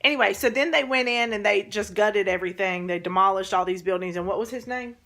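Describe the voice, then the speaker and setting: A woman's voice: mid-range voice, fast, bright, forceful tone. A woman with a Southern US accent, co-hosting a chatty, folksy casual conversation. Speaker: co-host. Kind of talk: casual chat.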